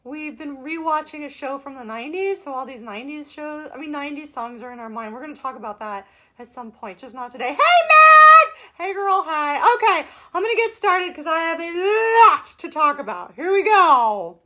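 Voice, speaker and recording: Bubbly high-voiced woman hosting a live chat. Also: expressive, a little fast, few pauses, pushed and bright. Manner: bubbly, greets viewers by name with sing-song calls. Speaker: show host. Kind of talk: casual live-stream chat.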